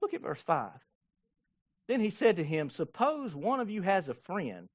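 A male pastor delivers a lively sermon in a fairly high voice, slipping into playful voices to act out little scenes. The sound is dry and close, with a slightly dull, muffled tone. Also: moderate pace, no echo. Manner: animated, acts out scenes with playful voices and laughter.

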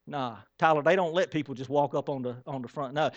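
Brief: male pastor, higher voice, animated preaching, dry close sound. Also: quick pace, dry recording, highs cut off. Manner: animated, talks straight to the congregation with questions; acts out Bible characters in quoted voices. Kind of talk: sermon.

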